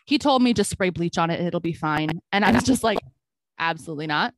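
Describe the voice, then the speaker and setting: Animated woman telling a story, dry sound. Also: on the low side, a little fast, dry recording. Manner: animated storytelling, acting out quoted exchanges with frequent "I'm like". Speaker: podcast co-host. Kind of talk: casual chat.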